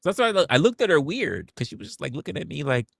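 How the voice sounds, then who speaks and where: A young man hosting a livestream, telling a story in a candid, profane, animated way. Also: fairly high pitch, racing, vocal fry, breathy edge, no room sound, clean studio sound. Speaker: livestream host.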